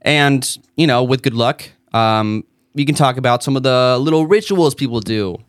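A podcast co-host chats casually in a laid-back, rambling way, with many fillers and restarts. His mid-range voice runs at normal speed, recorded with clean studio sound and no echo.

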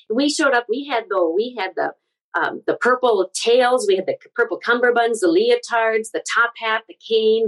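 A middle-aged woman from the Midwest, a guest speaker sharing personal stories in an interview, earnest and animated. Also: mid-range voice, poor audio. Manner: earnest, animated storyteller with frequent restarts. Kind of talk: conversational interview storytelling.

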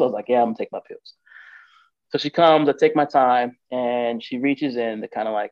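A man casually telling an emotional personal story, candid and animated, acting out the lines of the people in it. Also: mid-range voice, fast, no echo, lo-fi sound. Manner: emotional, candid, animated retelling with quoted dialogue. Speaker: guest telling his story.

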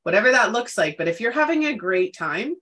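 A woman co-hosting a relaxed wellness conversation. She speaks emphatically and leans on repeated words to drive her points home, with a voice sitting at a middle pitch. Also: fairly quick. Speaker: podcast co-host. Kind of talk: casual wellness chat.

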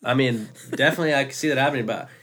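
A man's voice: mid-range voice, very fast, fairly bright tone. A man in his twenties co-hosting a podcast, chatting casually, laid-back and swearing as he tells a story. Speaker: podcast co-host.

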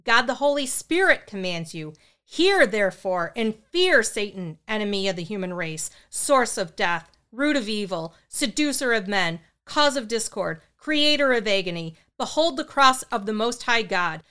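A woman voicing a stern, forceful male priest who booms out commands to cast out a spirit. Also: moderate pace, clean tone. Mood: booming command. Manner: booming commands, stern and flat.

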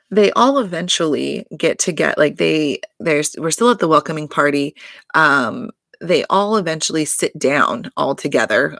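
Woman chatting a show recap, lowish gravelly voice, dry close sound, lots of like and you know. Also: fairly bright tone, no echo. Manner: chatty, many fillers, exclaims and swears. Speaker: reality TV recap host. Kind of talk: casual recap chat.

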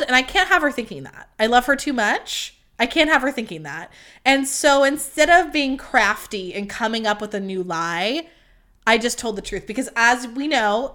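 A woman's voice: a little high, a bit bright. Chatty young woman host spilling a story. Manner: chatty, candid and self-mocking, with quick asides. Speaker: podcast host. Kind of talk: casual storytelling.

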